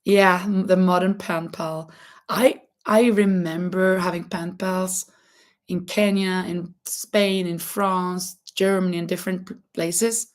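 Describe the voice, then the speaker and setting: A woman's voice: lowish voice, fairly even intonation, slow. A woman hosting a casual crochet chat, talking loosely with many fillers and restarts, her voice cracking now and then. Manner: chatty, thinks aloud with many fillers and restarts. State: voice cracking, coughing. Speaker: livestream host.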